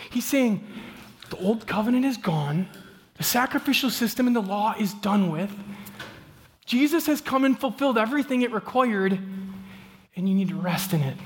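A man, preaching a sermon in a conversational, animated storytelling way. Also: high voice, big-room sound. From Midwest US. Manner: conversational, animated, with frequent "like" fillers.

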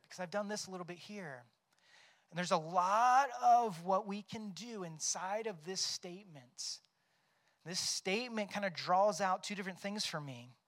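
A man's voice: high-pitched, a bit bright. A man preaching a sermon as pastor, conversational, often checking in with "right?" and telling stories that act out quoted lines. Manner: conversational, tags points with "right?"; storytelling, acts out quoted lines.

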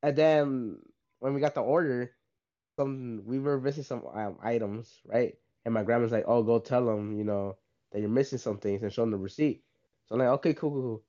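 Young dude telling a story, lots of "like" and "right?", kinda muffled lo-fi audio. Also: male voice, mid-range voice, moderate pace, warm tone. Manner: rambling, says "right?" and "like" a lot. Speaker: podcast co-host. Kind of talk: casual storytelling. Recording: slightly dull lo-fi sound.

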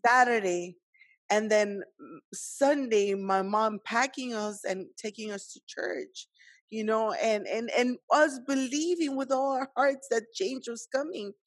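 A woman's voice: fairly high pitch, a little slow, dry recording. A woman hosting a faith-based conversation, speaking in an encouraging, earnest way with many restarts.

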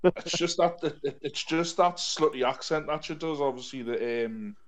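A man's voice: on the high side, moderate pace. A married man, co-hosting a casual podcast chat, rambling and laughing as he hunts for names. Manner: rambling, laughs a lot, loses track of names. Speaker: podcast co-host.

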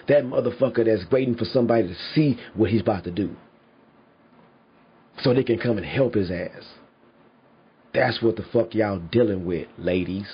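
A commentary podcaster with a husky, lowish voice rants heatedly to his viewers, cursing nonstop and laughing between points. He's emphatic throughout, and the lo-fi recording sounds slightly dull.

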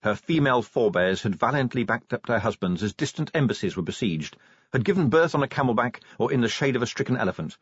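A man's voice: mid-range voice, animated, quick pace, husky, no echo. A man narrating an audiobook in a wry, dramatic storytelling manner. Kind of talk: scripted narration. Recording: slightly dull dry studio recording.

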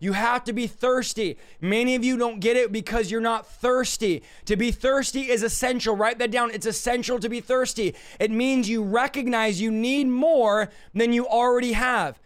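A man preaching and leading prayer on a livestream, urgent and exhorting, his voice hoarse and his throat scratchy. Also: very high-pitched, normal speed, hardly any pauses.

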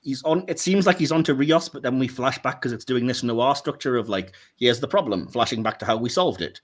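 Animated man ranting and laughing. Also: brisk. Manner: animated, laughs often, rants with rising pitch. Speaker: podcast co-host. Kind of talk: casual chat.

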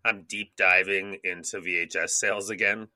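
Man, 30s, from Canada, low voice, forceful and bright, rambling, swearing podcast chat. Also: fairly even intonation, normal speed, no echo. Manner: rambling, swears a lot, acts out his own thoughts in quotes. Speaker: podcast co-host. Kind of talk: casual chat.

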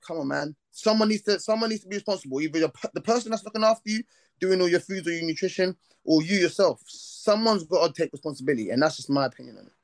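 A man on a boxing talk panel, speaking passionately and forcefully about his views. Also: sits high, fast, no room sound. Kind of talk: casual panel discussion.

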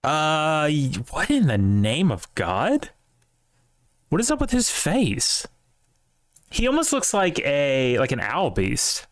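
A man co-hosting a casual podcast, talking with animated opinions and casual swearing. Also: on the high side, slow, no echo, clean studio sound. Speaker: podcast co-host. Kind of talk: casual chat.

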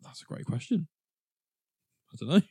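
A man's voice: normal speed, dark tone, dry recording, clean studio sound. A man co-hosting a podcast, chatting casually and rambling about a film, laughing often. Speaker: podcast co-host. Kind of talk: casual film review chat.

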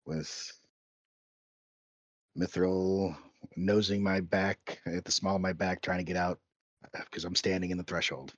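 A man describing his character's actions as a player in a tabletop game, in a relaxed way. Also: low voice, measured pace, pauses often, breathy edge, dry recording, highs cut off.

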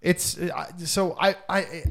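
A man's voice: sits high, unhurried, a little hiss or hum. A man co-hosting a casual podcast, telling stories loosely and swearing freely. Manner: loose, swearing, animated storytelling. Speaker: podcast co-host.

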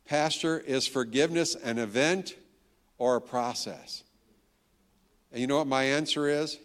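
A male pastor in his sixties giving a sermon, telling stories and joking with the congregation, hitting key lines hard. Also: mid-range voice. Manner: storytelling, joking with the crowd, emphatic. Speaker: guest pastor.

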